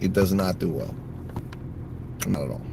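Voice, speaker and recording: Gravelly gig driver ranting in his car. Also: low voice, moderate pace, heavy background noise. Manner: swears a lot, swings from grumbling to outbursts. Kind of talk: casual vlog while driving.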